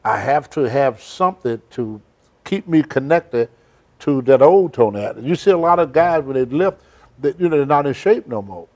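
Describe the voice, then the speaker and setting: A man's voice: mid-range voice, lively intonation, moderate pace, darkish tone. An older man hosting a casual interview, telling blunt, rambling stories in a folksy way. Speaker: host. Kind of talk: casual storytelling chat.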